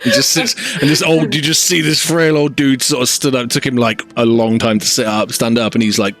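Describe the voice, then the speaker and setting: A man narrating a tabletop game as game master, describing scenes in a relaxed way. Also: medium pitch, a little fast.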